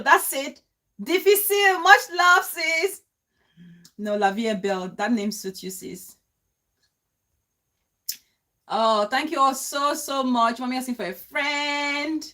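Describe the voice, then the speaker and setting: A woman hosts a casual live stream and speaks straight to her viewers. Her voice sits high and sounds bright and forceful, and her delivery is emotional and pleading. She calls out viewers by name. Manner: emotional and pleading, shouting out names.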